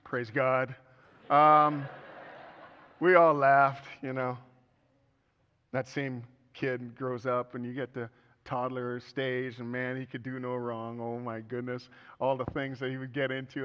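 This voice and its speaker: A man's voice: mid-range voice, little pitch movement, unhurried, smooth. A middle-aged man preaching a sermon as pastor, telling stories with humor and earnest turns. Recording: echoey hall, dull sound.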